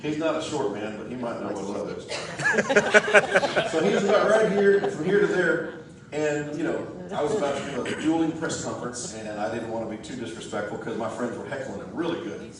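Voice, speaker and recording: A man's voice: medium pitch, expressive, brisk. A man giving a folksy, joking, rousing campaign speech to a crowd in a church hall. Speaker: political candidate. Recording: echoey hall, distant mic.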